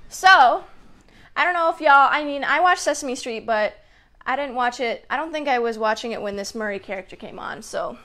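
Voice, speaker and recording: A woman's voice: high-pitched, expressive, normal speed, pushed and bright. A young adult woman hosting a children's story time, reading picture books aloud in an upbeat, chatty way and asking the kids lots of questions.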